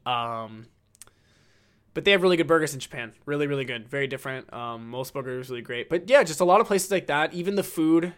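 A man's voice: on the high side, lively intonation, a little fast, clear, resonant tone. A man hosting a casual solo podcast, rambling enthusiastically with lots of ums and likes. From United States. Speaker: podcast host.

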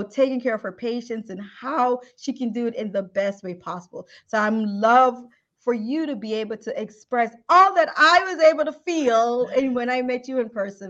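A bubbly woman host with a fairly high voice, gushing and lively as she introduces her guest. The sound is a bit dull and lo-fi. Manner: effusive, animated, repeats praise words. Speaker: podcast host. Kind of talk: enthusiastic podcast interview.

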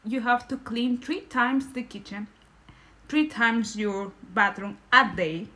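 Animated woman, high-pitched. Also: takes it slowly. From Nicaragua. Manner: animated, laughing, non-native English phrasing. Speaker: podcast guest. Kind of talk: casual storytelling in conversation.

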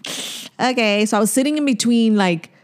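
A woman's voice: on the high side, lively intonation, normal speed. A woman co-hosting a casual podcast chat, telling stories in a loose, rambling way with lots of fillers and restarts. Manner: chatty storyteller, many fillers and restarts. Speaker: podcast co-host.

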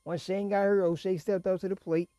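A man's voice: sits high, little pitch movement, brisk, mellow, no room sound, lo-fi sound. A man casually recapping wrestling results in a rambling, chatty way, fighting a cough and laughing between points. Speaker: wrestling show reviewer.

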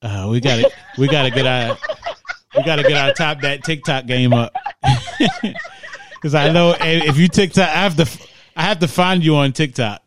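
A man's voice: fairly high pitch, big pitch swings, normal speed, very noisy. A man hosting a podcast interview, playful and joking, laughing often. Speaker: podcast host. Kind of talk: casual interview chat.

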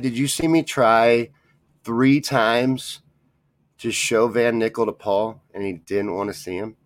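A man's voice: mid-range voice, steady tone, slow pace, dry recording, studio quality. A man hosting a podcast on his own, talking in a rambling, profane, grumbling way. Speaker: podcast host. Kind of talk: casual solo rant.

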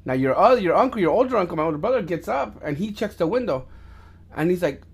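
Rambling, profane dad telling stories. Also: male voice, high voice, fast talker, gravelly, husky. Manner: rambling, with many restarts and swearing; gets loud and animated in fight stories. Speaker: podcast host talking with his son. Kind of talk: casual storytelling chat.

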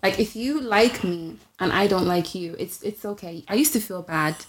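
A woman's voice: mid-range voice, normal speed. Blunt woman in casual chat. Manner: blunt and candid, slangy.

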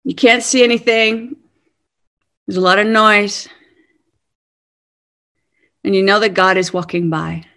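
A woman in her fifties giving a sermon-style talk, earnest and animated, laughing now and then. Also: medium pitch, unhurried, long pauses. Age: 50s. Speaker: speaker.

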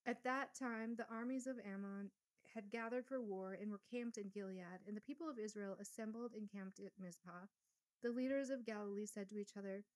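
A woman's voice: mid-range voice, darkish tone. Woman teaching a Bible study. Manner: reads scripture aloud, then paraphrases in casual asides. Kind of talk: Bible study reading and commentary.

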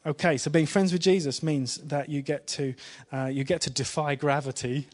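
A man giving an informal church talk to a live congregation, chatty and friendly, asking the room questions and dropping to a hushed voice when he retells the story. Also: a little high, fairly even intonation, normal speed. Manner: chatty, asks the congregation questions, with small laughs. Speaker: preacher.

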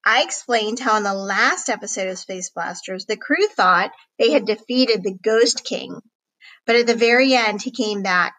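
Woman narrator for a kids' chapter book, unhurried, bright tone. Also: medium pitch, poor audio. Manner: slow, clear storytelling delivery. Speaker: audiobook reader. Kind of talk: reading a children's chapter book aloud.

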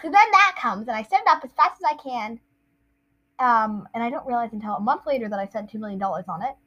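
A woman's voice: fairly high pitch, expressive, quick pace, bright, forceful tone, dull audio. A woman co-hosting a podcast, rambling through a playful made-up story in casual chat. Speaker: podcast co-host.

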